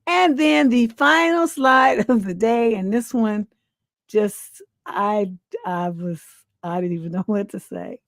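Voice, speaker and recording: A woman's voice: medium pitch, slow pace, creaky, no echo, clean studio sound. Laughing woman hosting a live stream. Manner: laughs often, reacts loudly, quotes people in playful voices. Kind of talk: casual live stream chat.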